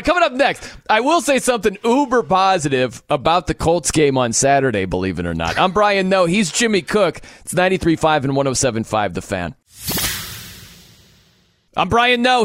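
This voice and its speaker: A man's voice: fairly high pitch, fairly bright tone, dry recording. A man co-hosting a sports radio show, chatting casually, joking and laughing often into a studio mic.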